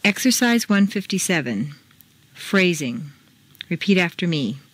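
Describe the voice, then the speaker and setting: A woman teaching pronunciation, reading scripted drills slowly and deliberately, with exaggerated intonation. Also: on the low side, sing-song, breathy edge. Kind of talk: scripted accent-training lesson.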